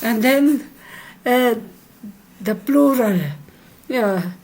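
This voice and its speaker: Slow, patient woman teaching verb forms. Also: fairly high pitch, a little mellow. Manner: slow, repeats each verb form for students to echo. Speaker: Hebrew teacher. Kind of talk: recorded grammar lesson.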